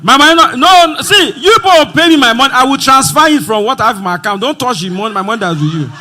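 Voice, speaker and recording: A man with a Nigerian accent hosting a live event, loud and joking with the crowd. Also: very high-pitched, lively intonation, fast talker. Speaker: event host. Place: conference hall with music and crowd.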